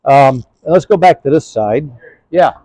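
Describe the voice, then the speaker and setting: A middle-aged man with a slightly high, expressive, dark-toned voice talks unhurriedly in a dry, rough recording. Presenting on historical horse trekking, he gives a folksy, rambling outdoor demo of his gear next to his horse, full of fillers.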